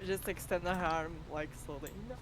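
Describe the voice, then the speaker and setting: A man's voice: high voice, fairly even intonation, fairly quick, background noise. A man playing in a tabletop game, chatting casually and laughing often. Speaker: player.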